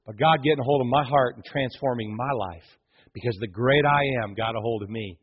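A male pastor preaching a sermon, telling stories with animated swings between hushed and loud delivery. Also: medium pitch, brisk, breathy edge, narrow, tinny audio.

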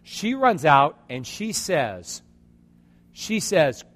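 A man preaching a sermon, telling a story and acting out its quotes, swinging from loud passages to hushed ones. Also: a little high, sing-song, very slow. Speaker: pastor. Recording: long hall reverb.

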